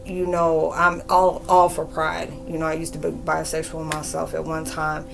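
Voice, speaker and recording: Woman, forties, spiritual podcaster, slangy rambling talk, lowish voice, faint background music. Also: normal speed, vocal fry. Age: 40s. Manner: slangy, animated, acts out quoted dialogue.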